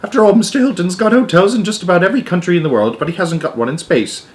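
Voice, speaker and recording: A man's voice: high-pitched, fast talker, voice pushed up, natural voice. A man voicing a nervous, fawning male chief spy who talks in a twitchy, eager way.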